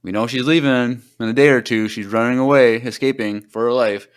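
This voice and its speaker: A man's voice: medium pitch, fairly even intonation, brisk, smooth. A man hosting a podcast, chatting casually through an episode recap and filling his speech with "like" and "um.". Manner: rambling, heavy on fillers like "like". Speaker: podcast host.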